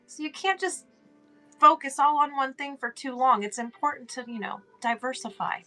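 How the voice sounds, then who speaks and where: A woman's voice: fairly high pitch, animated, normal speed, pushed and bright. A middle-aged woman, hosting a casual livestream chat, reading chat aloud and laughing often. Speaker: livestream host.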